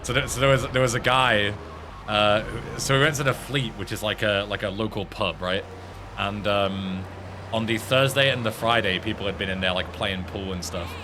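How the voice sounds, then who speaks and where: A man's voice: lowish voice, moderate pace, noisy background. An English man streaming a game, chatting casually and telling a story with lots of swearing. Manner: animated storyteller who swears freely. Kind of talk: casual chat while gaming.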